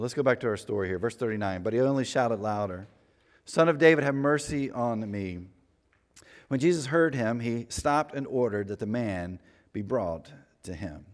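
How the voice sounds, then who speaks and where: A man gives a sermon from the front of a church, his medium-pitched voice trailing off into a long hall reverb. He talks in an easy, conversational way and pokes fun at himself. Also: darkish tone. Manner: conversational, self-deprecating preaching. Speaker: pastor.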